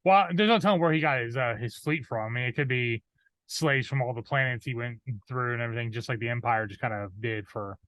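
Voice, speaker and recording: A man's voice: medium pitch, fast, fairly bright tone, no echo. A man co-hosting a podcast, mostly giving short, laid-back agreeing replies in casual chat. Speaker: podcast co-host.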